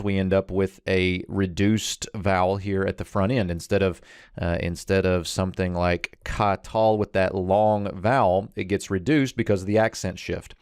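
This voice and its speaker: A man teaching Biblical Hebrew grammar in a short lesson, explaining each word step by step in a measured way with occasional fillers. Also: on the low side, a little mellow, clean tone, dry recording, clean studio sound.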